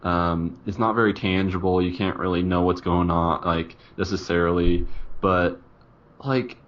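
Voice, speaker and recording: A man's voice: deep voice, steady tone, lo-fi sound. A man co-hosting a casual movie review chat, speaking hesitantly with many fillers. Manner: slow, hesitant, lots of fillers. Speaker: podcast co-host.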